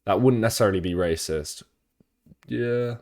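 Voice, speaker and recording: Brief: deep-voiced Midlands English man, rambling, sweary live-stream reaction chatter. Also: normal speed, a little mellow. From England, Midlands. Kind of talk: casual live reaction chat.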